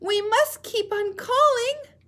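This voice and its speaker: Woman putting on a squeaky little penguin chick. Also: takes it slowly, a bit bright, full character voice. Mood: excited squeaky. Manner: squeaky, high and calling out. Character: tiny excited young penguin chick.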